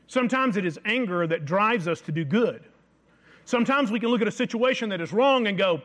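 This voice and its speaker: A man preaching a sermon, reading scripture aloud and slowing down to stress key phrases. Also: high voice, expressive, fairly bright tone.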